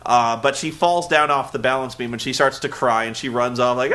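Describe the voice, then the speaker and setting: A young man hosting a casual recap, rambling and animated, breaking into loud shouted impressions. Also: medium pitch, brisk. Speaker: web show host. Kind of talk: casual wrestling recap rant.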